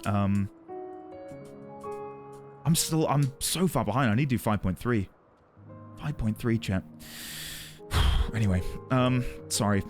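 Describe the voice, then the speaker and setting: A man's voice: fairly low pitch, slow pace, long pauses, music in the background. A man streaming a game, rambling and flustered as he thanks his chat effusively.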